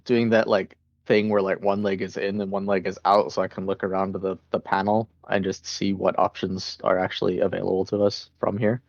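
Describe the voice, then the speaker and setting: A man's voice: deep voice, flat delivery, brisk, gravelly, hardly any pauses, no room sound. A man playing a tabletop game, talking steadily and encouraging a fellow player. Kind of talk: tabletop role-play, in character. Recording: dull lo-fi mic.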